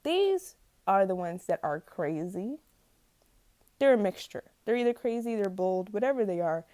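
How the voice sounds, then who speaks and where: A woman's voice: mid-range voice, animated, moderate pace, warm tone, dry recording. A young woman ranting casually to camera, rambling and exasperated, stumbling over words and laughing at herself. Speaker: vlogger.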